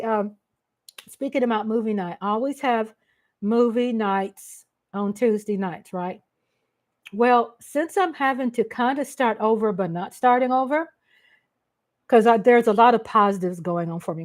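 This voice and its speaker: Speaking at a medium pitch and an ordinary pace, this livestream host is a woman from Texas. Her casual stream turns into an emotional rant aimed squarely at the people watching.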